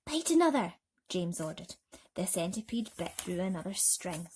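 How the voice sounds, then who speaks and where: A woman reading a bedtime story aloud in a gentle, soothing way. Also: on the low side, steady tone, normal speed, slight background noise.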